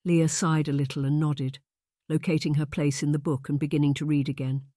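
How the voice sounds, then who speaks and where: A man narrating a historical romance audiobook in a measured, even reading. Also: a little high, no room sound, studio quality. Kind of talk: scripted narration.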